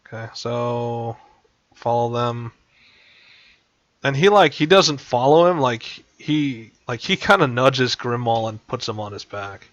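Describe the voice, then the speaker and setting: A man's voice: medium pitch, expressive, unhurried, a bit bright, no room sound, lo-fi sound. A man narrating a tabletop game as game master, rambling with many fillers and acting out creature grunts.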